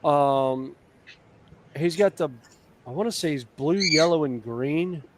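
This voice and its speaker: A man's voice: on the high side, takes it slowly, noisy background. A man chatting casually as a live stream host, telling rambling stories full of fillers and restarts. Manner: rambling, filler-heavy storytelling. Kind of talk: casual chat.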